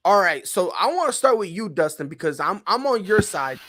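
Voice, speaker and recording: A man hosting a sports talk show, joking loudly and acting out little scenes as he argues. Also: sits high, big pitch swings, a little fast. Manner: loud, joking, acts out voices. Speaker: show host.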